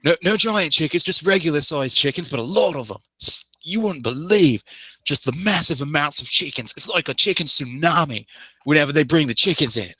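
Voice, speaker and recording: Brief: a man doing a cheerful host for a tabletop game, higher than his own voice, bright and rambling. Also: lively intonation, brisk, husky, no room sound, full character voice. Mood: boastful chatter. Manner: rambling, bragging about food. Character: chatty cheerful male manor host.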